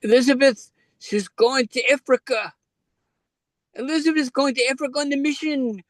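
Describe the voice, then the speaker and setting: A man imitates an enthusiastic megachurch preacher with a New Zealand accent, booming and excited. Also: moderate pace, no echo. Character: fired-up male megachurch preacher.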